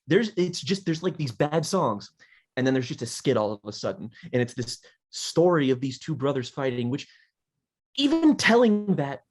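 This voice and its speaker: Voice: medium pitch, very animated, moderate pace. A podcast co-host in casual album review chat, sounding exasperated and sarcastic.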